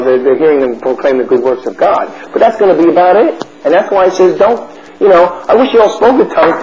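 Blunt, high-voiced male Bible teacher. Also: a little mellow. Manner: asks questions and answers them himself, blunt. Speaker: preacher teaching a Bible study. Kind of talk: sermon. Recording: muffled recording with faint noise.

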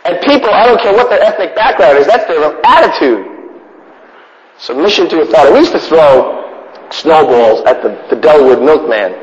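A man telling wry, animated stories to an audience in a casual way. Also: on the high side, normal speed. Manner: animated, wry, acts out voices in his stories. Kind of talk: casual anecdotal storytelling to an audience. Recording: echoey hall, dull lo-fi sound.

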